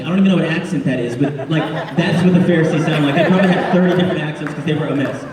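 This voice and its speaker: A man preaching a casual, jokey sermon, laughing often and adding quick asides. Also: fairly high pitch, a crowd in the background. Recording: echoey hall, speaker far from mic.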